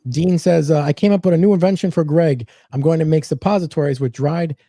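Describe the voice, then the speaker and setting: Brief: male co-host, very mellow dark tone, dry close sound, reads comments aloud. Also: fairly high pitch, a little fast, dry recording. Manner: short agreeing replies, reads comments aloud. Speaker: podcast co-host reading viewer comments. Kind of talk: casual chat.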